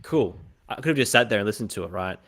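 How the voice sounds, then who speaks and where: Speaking quickly and pitched on the low side, this young Aussie hosts a laid-back podcast. He tells stories with lots of energy and performs what other people said.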